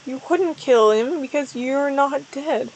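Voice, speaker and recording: A woman voicing a calm male cat from a storybook in a flat, low-key way. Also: takes it slowly, poor audio.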